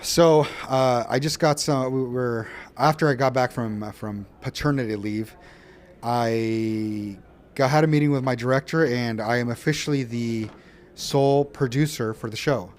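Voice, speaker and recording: A man's voice: medium pitch, moderate pace. Earnest man telling faith stories. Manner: earnest, storytelling, animated when quoting others. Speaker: podcast co-host and show producer. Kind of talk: casual faith conversation.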